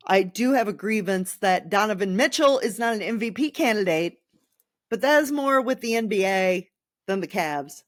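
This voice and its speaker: A woman's voice: medium pitch, lively intonation, normal speed, dry recording, clean studio sound. A young adult woman hosting a podcast, ranting casually and sarcastically about her sports teams with rambling asides. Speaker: podcast host.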